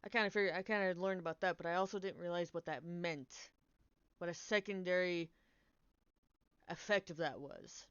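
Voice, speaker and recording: Smooth-voiced woman rambling through a story. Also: on the low side, normal speed, no echo. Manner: rambling, animated, swears often, restarts her sentences. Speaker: streamer. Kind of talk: casual storytelling chat. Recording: dull, lo-fi, dry stream mic.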